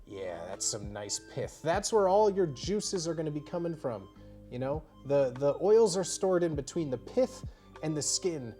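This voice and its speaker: A woman's voice: deep voice, animated, moderate pace, mellow. A tipsy woman streaming live as a bartender, chatty and rambling with many fillers as she shows how to make a cocktail. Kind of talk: casual livestream cocktail demo. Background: faint music.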